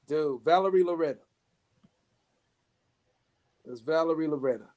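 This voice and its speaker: A man co-hosting a podcast, talking in crude, excitable banter, swearing a lot and laughing often. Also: on the high side, moderate pace. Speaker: podcast co-host.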